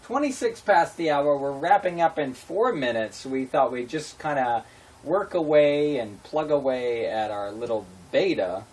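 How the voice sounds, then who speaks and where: A man's voice: mid-range voice, expressive, a little slow, a little mellow. A man hosting a casual web show, talking off the cuff with many fillers and restarts. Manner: rambling, full of fillers and restarts. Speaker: show host. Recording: distant mic with faint noise.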